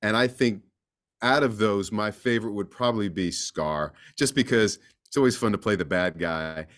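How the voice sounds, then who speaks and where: A man speaking as a guest actor in a casual interview, an animated storyteller who slips into acting out voices. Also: on the low side, normal speed.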